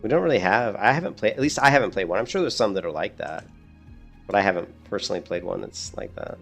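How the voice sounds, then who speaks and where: A man's voice: fairly low pitch, expressive, fast talker, gravelly, soft background music. Rambling, profane middle-aged man streaming games. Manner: rambling, profane, laughs at his own stories. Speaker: gaming streamer. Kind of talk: casual chat while streaming gameplay.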